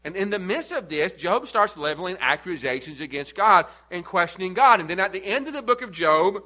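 Male preacher, high-pitched, bright tone, expository sermon, emphatic questions. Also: expressive, fairly quick, poor audio.

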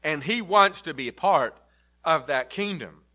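Bright-voiced man preaching with swelling emphasis. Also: expressive, unhurried. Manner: emphatic preaching, swells loud then drops low. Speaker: pastor. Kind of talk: sermon.

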